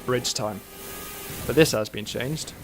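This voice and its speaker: A man's voice: medium pitch, takes it slowly, noisy background. Wry man rambling over gameplay. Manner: rambling, wry, talks to himself and the game. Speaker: game streamer. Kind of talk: casual gameplay commentary. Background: faint game music.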